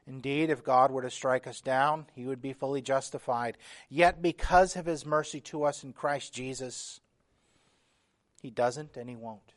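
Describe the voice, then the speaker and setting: A man's voice: mid-range voice, steady tone, unhurried. A man preaching a sermon as pastor, earnest and emphatic, reading scripture aloud with feeling. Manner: earnest preaching, building emphasis with repeated phrases.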